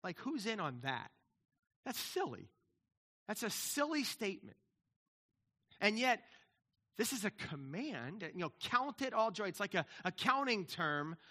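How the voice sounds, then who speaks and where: A male pastor preaching a sermon, swinging from quiet, intimate asides to loud, emphatic passages and repeating key phrases for emphasis. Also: high voice, sing-song, a little slow, pauses often.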